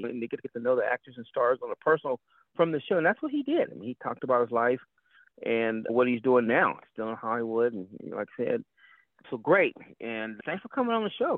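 A man's voice: medium pitch, dry recording. Enthusiastic man on a tinny phone line. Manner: enthusiastic, repeats praise. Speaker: co-host. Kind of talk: casual interview chat. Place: small town in the American South.

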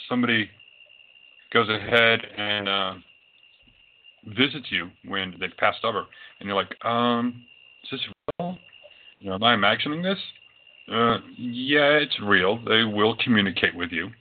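A man who works as a psychic medium, telling his own experiences in a loose, rambling way with many fillers. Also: on the low side. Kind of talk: casual storytelling talk. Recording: tinny phone-like audio.

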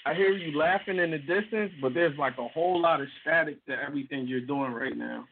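Gravelly man hosting over a tinny phone line. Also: on the high side, brisk, a little hiss or hum. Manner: loose, easygoing, talks to listeners directly. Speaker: host. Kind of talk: casual call-in show chat. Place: at home.

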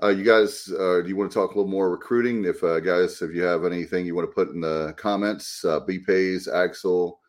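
A man's voice: deep voice, fairly even intonation, a little fast, few pauses. A man hosting a casual sports chat, rambling with enthusiasm, steering the talk. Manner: enthusiastic, rambling, runs the show. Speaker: podcast host.

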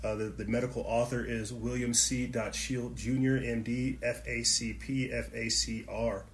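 A man's voice: mid-range voice, level tone, unhurried, reverberant, a little hiss or hum. A man hosting his own channel, giving a heated, repetitive monologue straight to his viewers. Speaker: channel host. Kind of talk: impassioned monologue to camera.

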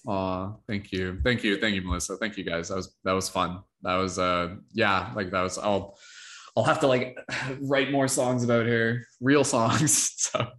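Slow-talking man hosting a video workshop. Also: on the low side, steady tone, fairly bright tone. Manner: rambling, full of fillers like "like" and "you know". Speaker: workshop host. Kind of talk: casual chat on a video call.

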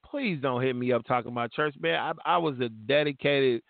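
Gravelly man in his fifties on a phone line. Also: medium pitch, moderate pace, dry recording. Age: 50s. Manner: emphatic, slangy, fired-up storytelling. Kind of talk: casual podcast chat. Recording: tinny phone-line sound, dry.

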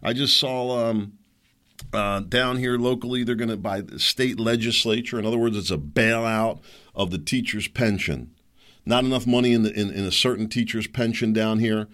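A man's voice: on the low side, moderate pace, a bit bright. A middle-aged man hosting his own show, telling a story in an indignant, heated monologue. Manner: heated, indignant, mocks others in put-on voices. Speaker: show host. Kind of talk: ranting monologue.

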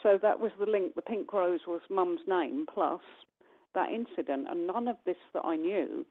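A British woman, appearing as a guest medium on a call-in radio show, tells a long personal story and acts out the dialogue in animated voices. Her voice is lowish and her pace normal, coming through a telephone on a tinny line.

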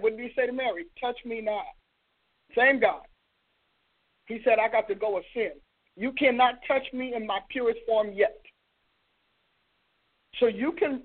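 Woman host preacher, scolding rhetorical style, telephone-quality audio. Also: mid-range voice. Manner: emphatic, scolding rhetorical questions. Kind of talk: preaching broadcast. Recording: tinny phone-line sound.

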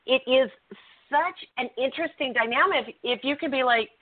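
A woman's voice: normal speed, hardly any pauses. A woman co-hosting a talk show, chatting casually and laughing, swearing now and then as she makes her points. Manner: lively and laughing, swears casually, big pitch swings. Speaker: podcast co-host. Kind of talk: casual conversational coaching talk. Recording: tinny phone-like line.

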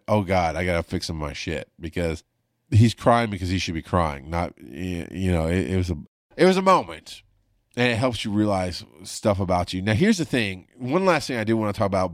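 A man's voice: low-pitched, no echo, clean studio sound. A man hosting his own show, a former paramedic telling stories in a blunt, profane, rambling way. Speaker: podcast host, former paramedic. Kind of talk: casual storytelling monologue.

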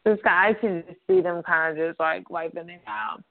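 A woman's voice: on the low side, unhurried, gravelly. A young woman hosting a casual call-in talk show from her apartment, blunt and profane, rambling and laughing as she talks. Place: apartment room. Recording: tinny phone-like line.

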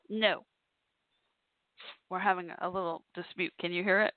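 A woman's voice: lowish voice, fairly even intonation, normal speed, pauses often, dry recording. Bubbly woman on a tinny line. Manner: bubbly, rambling, laughs often. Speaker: call-in podcast host. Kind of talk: casual chatty call-in show.

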